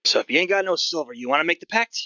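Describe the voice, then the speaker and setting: A man voicing a gruff, hairy old goblin who sells tickets and haggles curtly. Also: a little high, animated, racing, bright, forceful tone, no room sound, muffled recording, pitched above the performer's own voice, exaggerated voice. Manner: curt, stubborn, haggling.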